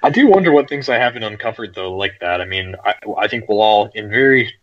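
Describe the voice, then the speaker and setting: A man, a guest game reviewer, chatting casually on a podcast in a relaxed, rambling way with many filler words. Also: lowish voice, fast, crowd noise. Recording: dull lo-fi audio.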